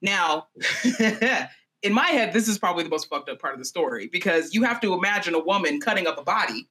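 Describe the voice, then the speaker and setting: A young adult woman hosting a podcast who tells a dark fairy tale in an animated, profane, chatty way. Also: on the low side, fast. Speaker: podcast host. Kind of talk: comedic storytelling.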